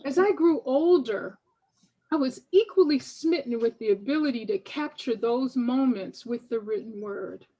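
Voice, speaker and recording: A woman's voice: on the high side, animated, moderate pace, dark tone, rough recording. An older woman, a poet, reading reflectively and devoutly from her book to an audience. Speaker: poet and author.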